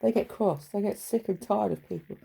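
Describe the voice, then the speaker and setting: Gravelly, husky woman rambling. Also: medium pitch, moderate pace, dark tone, poor audio. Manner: chatty, wry, swears freely, laughs at own asides. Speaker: vlogger. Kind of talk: rambling casual monologue. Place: home bedroom.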